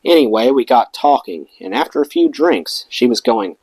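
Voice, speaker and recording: Lively man reading a memoir aloud. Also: medium pitch, moderate pace, few pauses, no echo, poor audio. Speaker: audiobook reader.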